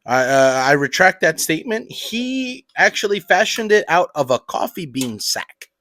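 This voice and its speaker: A man's voice: on the high side, sing-song, moderate pace, sharp tone. A man co-hosting a podcast in casual, swearing chat with a buddy, laughing often. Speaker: podcast co-host.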